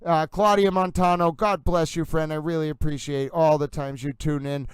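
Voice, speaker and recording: A man's voice: a little high, level tone, moderate pace, smooth, no echo, low-quality recording. A man hosting a live stream, greeting viewers in the chat by name in a playful, theatrical way. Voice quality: playful, theatrical, calls himself towel. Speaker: livestream host.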